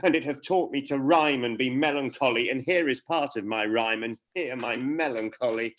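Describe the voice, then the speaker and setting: An actor playing a lovesick young courtier who mocks himself in exclamatory bursts, in a live-streamed Shakespeare reading. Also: male voice, medium pitch, normal speed, a bit bright, lightly acted. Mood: exasperated. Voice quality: self-mocking, exclamatory. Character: lovesick young male courtier, wry and exasperated.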